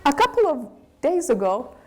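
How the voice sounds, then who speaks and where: A woman with a Brazilian accent, a business owner giving a candid, animated lecture to students. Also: sits high, normal speed. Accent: Brazilian Portuguese. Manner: animated, candid storytelling with acted quotes.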